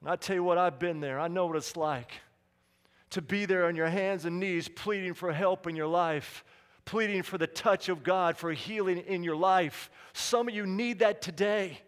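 A man preaching a sermon as pastor, dramatic, dropping to a hush and then rising to loud calls. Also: sits high, moderate pace. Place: church sanctuary. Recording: long hall reverb.

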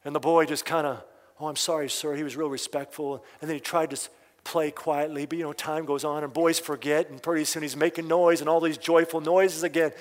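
A man leads a prophecy seminar as a fervent, emphatic preacher who keeps asking his listeners direct questions. His voice sits somewhat high. A long reverb trails each phrase through a large church hall. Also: little pitch movement, fairly quick. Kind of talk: sermon.

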